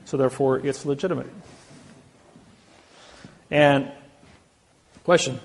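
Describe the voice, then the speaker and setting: A man's voice: mid-range voice, fairly even intonation, slow pace, slight background noise. A man giving an informal seminar lecture, telling rambling anecdotes and acting out the dialogue himself. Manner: storytelling, acting out courtroom dialogue; rambling, self-correcting.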